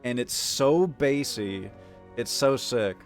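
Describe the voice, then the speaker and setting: A man streaming a game, chatting casually in an excitable, profane, rambling way. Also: mid-range voice, slow pace, soft background music. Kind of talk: casual gaming commentary.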